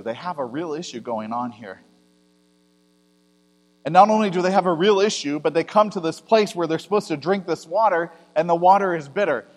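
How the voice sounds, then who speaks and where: A male pastor giving a conversational sermon, rising to loud emphasis and dropping to quiet asides. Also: a little high. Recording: long hall reverb with mains hum.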